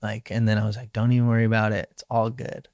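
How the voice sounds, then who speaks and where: A young man from Hawaii, a professional surfer, telling his story in a relaxed, reflective way in an interview, often acting out his own inner voice. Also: lowish voice, fast, no echo, clean studio sound.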